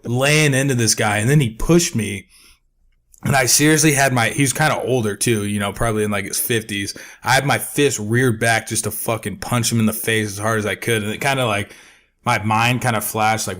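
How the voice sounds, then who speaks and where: Low-voiced man telling a rowdy story. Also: moderate pace. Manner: profane, animated storyteller. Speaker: podcast co-host. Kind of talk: casual storytelling.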